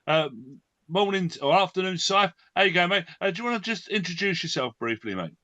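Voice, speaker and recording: Bright, chatty man hosting an online talk. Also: sits high, expressive, fairly quick, dry recording, dull audio. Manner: hesitant, many fillers and restarts. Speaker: host. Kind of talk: online event presentation.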